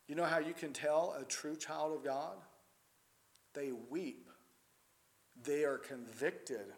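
Male preacher, higher-pitched voice, emphatic, loud-to-quiet sermon delivery.

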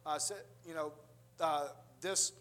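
A man's voice: a little high, fairly even intonation, slow, fairly bright tone. A man preaching a sermon, telling a story and acting out the voices of the people in it.

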